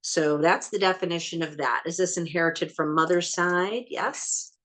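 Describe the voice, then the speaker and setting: Leading an ancestral healing session, a woman counts back through the generations calmly, methodically, and matter-of-factly. Her voice is lowish and she speaks at a normal speed.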